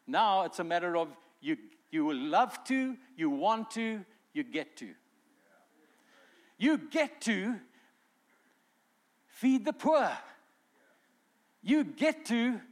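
A male pastor delivering a sermon, animated and emphatic, acting out quotes with rising force. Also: high voice. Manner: animated preaching, voices quotes with swelling emphasis.

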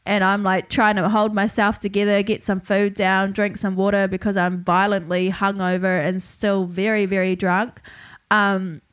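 A woman's voice: medium pitch, flat delivery, moderate pace, smooth. A young woman with a New Zealand accent hosting her own podcast, telling a story in a chatty, laugh-filled way with plenty of swearing. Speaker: podcast host. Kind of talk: casual storytelling monologue.

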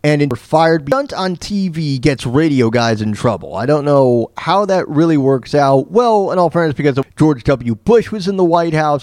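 A man's voice: mid-range voice, darkish tone, dry recording, studio quality. A man from Florida hosting his own podcast, telling a story in a loose, rambling way with lots of fillers and restarts. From Florida, USA. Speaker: podcast host. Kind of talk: casual storytelling monologue.

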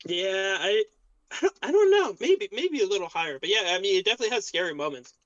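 A man co-hosting a casual podcast, easygoing and quick to laugh, talking while he eats dinner. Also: high-pitched, lively intonation, fairly bright tone, no echo, lo-fi sound. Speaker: podcast co-host. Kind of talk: casual chat.

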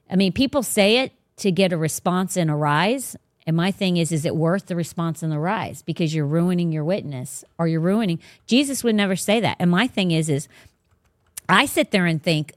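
A woman's voice: lowish voice, no room sound. Emphatic woman host, casual faith talk, dry close sound. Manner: blunt, emphatic, preachy. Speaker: podcast host.

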